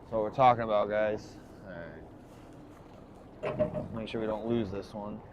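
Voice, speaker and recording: A man commercial fishing on a boat, live-streaming to his chat and swinging from hyped shouts to low muttering. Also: flat delivery, normal speed, lo-fi sound, background noise.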